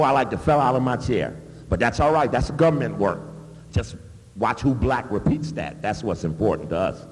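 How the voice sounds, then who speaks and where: A man giving an animated, emphatic public talk with blunt asides. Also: mid-range voice, in a large hall. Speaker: public speaker.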